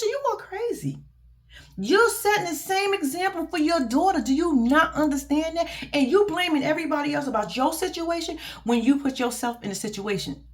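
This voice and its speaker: A woman giving a casual, profane and animated reaction vlog about a reality TV show, speaking. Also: sits high. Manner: blunt, profane, animated and laughing. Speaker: reality TV commentator.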